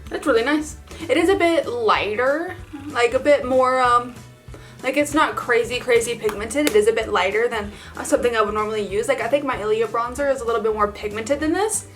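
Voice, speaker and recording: A somewhat high-voiced woman talks her way through a makeup tutorial in a chatty, gushing vlog manner. She strings her thoughts together with "like" and breaks into small laughs. Faint music plays underneath. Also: a little fast. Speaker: beauty vlogger. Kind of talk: casual makeup tutorial chat.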